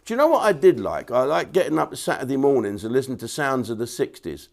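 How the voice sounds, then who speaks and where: A man's voice: mid-range voice, big pitch swings, fast, creaky. A man, delivering a blunt, crude comedic rant to camera. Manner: blunt, crude and jokey, with asides and restarts.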